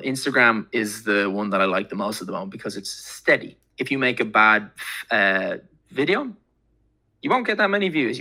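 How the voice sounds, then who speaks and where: Bright-voiced rambling man. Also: fairly low pitch, creaky. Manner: rambling, filler-heavy, swears casually. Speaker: podcast guest. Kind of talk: casual chat.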